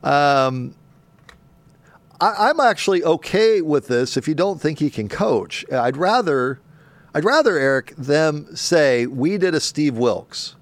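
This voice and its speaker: Animated male sports talk host. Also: on the high side, a little slow, no room sound. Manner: animated, laughing, mock voices for emphasis.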